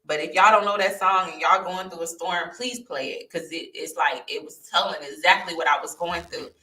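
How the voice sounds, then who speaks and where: Young woman, giving a fervent testimony to camera, bright and forceful, in an echoey room away from the mic. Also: on the low side, steady tone, moderate pace, recorded from a distance, a little hiss or hum. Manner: fervent, addresses viewers as y'all, repeats phrases. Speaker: vlogger sharing her testimony. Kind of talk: emotional personal testimony to camera.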